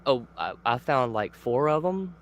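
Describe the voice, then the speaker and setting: A man's voice: medium pitch, very animated, a little slow. A man hosting a casual chat stream, laid-back, with short replies. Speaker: stream host.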